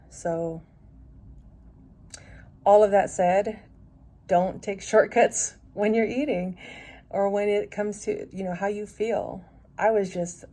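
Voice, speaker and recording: A woman in her forties chatting casually at home for her vlog, rambling with lots of restarts and fillers. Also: fairly low pitch. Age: 40s. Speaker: vlogger.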